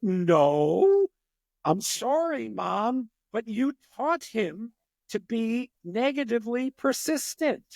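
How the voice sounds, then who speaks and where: An older man with a notably high voice speaks as a psychologist guest on a podcast. He explains his points with animated stories and acts out the people in them. The sound is dry and close. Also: takes it slowly, creaky, no room sound. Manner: animated storyteller who acts out examples. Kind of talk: podcast interview.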